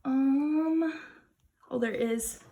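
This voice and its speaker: A young woman with a high, bright-sounding voice chats through a craft unboxing, gushing and excitable. She repeats her exclamations and laughs often. A faint hiss sits under the recording. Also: extremely slow. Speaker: crafting vlogger. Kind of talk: casual unboxing chat.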